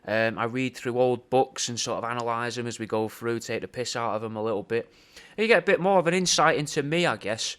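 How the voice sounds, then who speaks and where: A man's voice: mid-range voice, fairly quick, a bit bright, clear, resonant tone. A man hosting a podcast, rambling through a sweary, mock-conspiratorial comedic rant and calling the listener mate. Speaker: podcast host.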